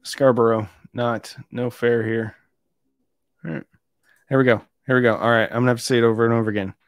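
A man's voice: medium pitch, fairly even intonation, brisk, dry recording. Guy rambling about audio gear on his live stream, laid back, pokes fun at himself, dry close sound. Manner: rambling, easygoing, self-deprecating. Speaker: audio channel host. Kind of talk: casual live-stream chat.

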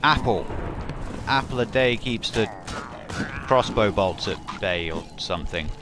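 A man giving excitable, self-mocking live commentary while he plays a video game. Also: fairly low pitch, measured pace, noisy background. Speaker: game streamer. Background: music.

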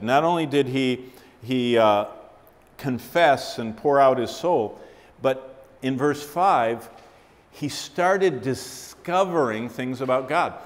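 A man preaching a sermon, swinging between loud declarations and hushed, slow asides. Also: medium pitch. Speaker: pastor. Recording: long hall reverb.

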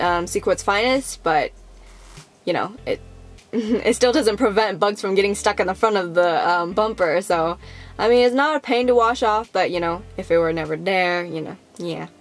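A young woman vlogging casually to the camera, rambling with lots of fillers and acting out how people reacted. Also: medium pitch.

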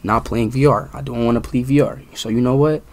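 A young man livestreaming, ranting loudly with heavy swearing and repeating himself over and over. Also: medium pitch, fairly even intonation, fairly quick. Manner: loud, profane, repetitive ranting. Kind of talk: angry livestream rant.

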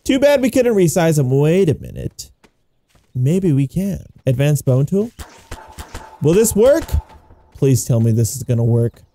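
A man giving casual gameplay commentary, excitable and giggly, with frequent exclamations. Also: fairly high pitch, a little slow, long pauses. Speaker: gaming YouTuber.

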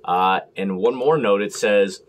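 A man's voice: on the low side, unhurried. A man talking casually and rambling as he reviews a beer on camera, full of fillers and self-deprecating asides.

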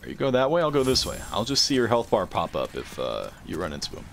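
A man's voice: on the low side, wildly swooping pitch, fast, gravelly. A man giving casual gameplay commentary as a streamer, joking and swearing freely. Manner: profane, joking trash talk. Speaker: gaming streamer.

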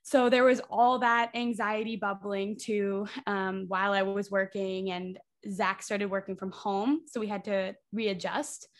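This twentysomething theater artist chats on a podcast as a guest, peppering her speech heavily with "like." She speaks in a mid-range voice at an unhurried pace, her intonation fairly even and her pauses rare.

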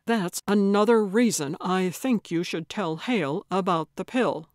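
An earnest, principled man, read by a woman narrator, speaking slowly and sincerely with a pleading edge. The sound is dry and close, in an audiobook style. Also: medium pitch, darkish tone, no echo, lightly acted.

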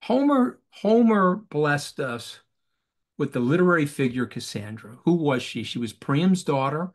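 A man speaks as an interview guest over a video call, his voice set a little high for a man. He talks in an emphatic, rhetorical way and keeps hammering his points home with repeated phrases. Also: big pitch swings, measured pace. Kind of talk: animated interview talk.

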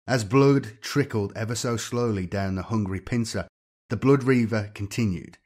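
Low, husky-voiced male narrator. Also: normal speed, a little mellow. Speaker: audiobook narrator. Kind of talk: scripted fiction narration.

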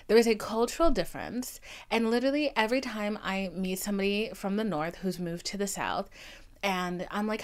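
A woman's voice: mid-range voice, fairly quick. Chatty, profane young woman. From Haitian family. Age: 20s. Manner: chatty, profane, animated quoting. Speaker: podcast host. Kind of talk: casual confessional monologue.

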